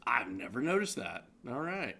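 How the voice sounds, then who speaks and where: Guy rambling thru silly news on a live stream, laughs a lot, bright voice that swoops up and down. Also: medium pitch, very animated, moderate pace, creaky, slightly rough. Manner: joking, rambling, laughs often. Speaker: co-host.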